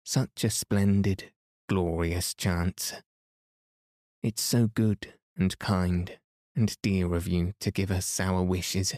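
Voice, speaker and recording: A man reading as a gentle young girl. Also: deep voice, fairly even intonation, slow, no echo, studio quality. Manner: gentle, earnest. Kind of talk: bedtime storybook reading.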